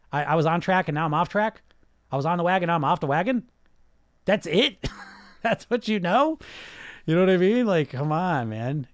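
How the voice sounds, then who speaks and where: Male podcast coach, high animated voice, brash and profane, mocks listeners' excuses. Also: dry recording, clean studio sound. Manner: blunt, profane, fires rhetorical questions. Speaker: weight loss coach and podcast host. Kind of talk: casual podcast monologue.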